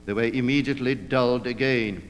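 Measured male audiobook narrator. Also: mid-range voice, long reverb tail, a little hiss or hum. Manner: measured, literary storytelling.

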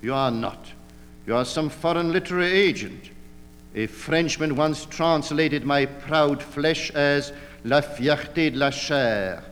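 A man's voice: on the high side, slow pace, a bit bright, long reverb tail, slight background noise. A man reading an audiobook, voicing a drunken, blustering man with a drawling, oddly feminine manner. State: drunk and rambling. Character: drunken blustering man, effete, mocking and evasive.

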